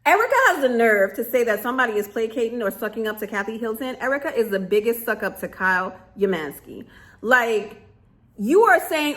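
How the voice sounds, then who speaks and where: A woman's voice: a little high, expressive, normal speed, a bit bright. A woman ranting to camera in a casual vlog, sassy and emphatic, often breaking into laughter. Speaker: vlogger reviewing a reality show.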